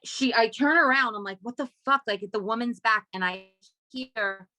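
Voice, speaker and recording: A comedy writer in her young adult years, guesting on a relaxed podcast, relates a wild tale at normal speed, barely pausing. She swears freely and stays animated, her voice jumping high and loud whenever she quotes someone.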